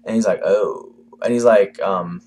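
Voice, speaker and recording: A man's voice: mid-range voice, fairly quick, slight background noise. A man giving a casual manga review to camera, rambling with lots of fillers and the odd swear.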